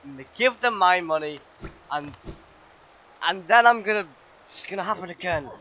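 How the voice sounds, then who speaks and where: A man's voice: high-pitched, expressive, normal speed. A man giving let's play commentary, ranting sarcastically and swearing often as he rambles. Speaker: gaming YouTuber. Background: loud game music.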